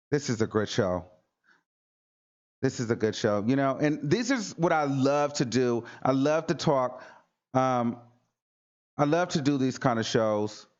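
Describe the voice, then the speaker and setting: A man's voice: medium pitch, lo-fi sound. A man hosting a livestream talk show, speaking in an earnest, preachy way and repeating lines for emphasis. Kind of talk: casual motivational livestream talk.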